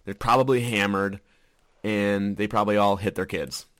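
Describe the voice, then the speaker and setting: A man's voice: lowish voice, steady tone, moderate pace, a bit bright, dry recording, clean studio sound. Profane, laughing storyteller man. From Wisconsin. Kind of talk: casual chat.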